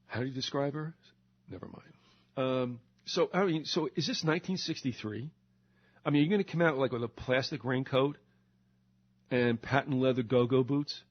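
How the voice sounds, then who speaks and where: An older American man hosting a show, ranting sarcastically and mocking politicians in put-on voices. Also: medium pitch. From United States. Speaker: radio show host. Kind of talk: ranting monologue. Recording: slightly dull lo-fi recording.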